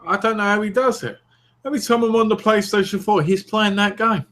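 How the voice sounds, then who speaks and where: A man's voice: high voice, steady tone, a little fast, very noisy. A man chatting casually as co-host, playful and jokey while telling stories. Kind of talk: casual chat.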